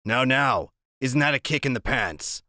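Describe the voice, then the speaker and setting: A man voicing a cold, controlling ex-convict father in an audiobook, speaking with quiet menace and command. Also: medium pitch, lively intonation, unhurried, dry recording, studio quality. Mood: menacing.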